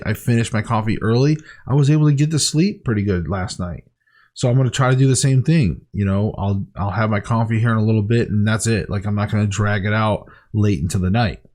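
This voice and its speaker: A man's voice: on the low side, a little mellow. A man talking candidly to camera in a diet vlog, rambling and heartfelt with frequent restarts. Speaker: weight-loss diary vlogger.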